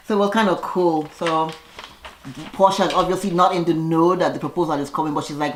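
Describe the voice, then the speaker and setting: A woman chatting casually as she recaps a reality TV episode, sassy and full of quick asides. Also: fairly low pitch, roomy sound, low-quality recording.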